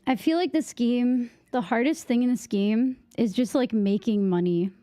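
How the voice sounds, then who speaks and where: A woman's voice: on the high side, moderate pace, dark tone, dry recording. A young woman chatting casually while playing a game, rambling and easily distracted, with lots of "like" fillers. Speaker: gaming streamer. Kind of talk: casual gameplay chat.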